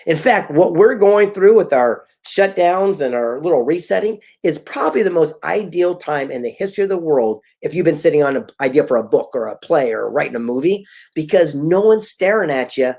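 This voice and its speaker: Middle-aged male motivational speaker, husky, very animated delivery, storyteller. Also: on the high side, fairly quick, hardly any pauses. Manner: animated storyteller, acts out quoted dialogue. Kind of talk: motivational talk.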